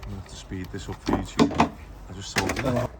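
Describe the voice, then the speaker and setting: A vlogging construction boss talks fast in a lowish, somewhat bright voice with fairly even intonation, joking around with his workers and laughing a lot during casual site chat. The recording carries a faint hiss or hum.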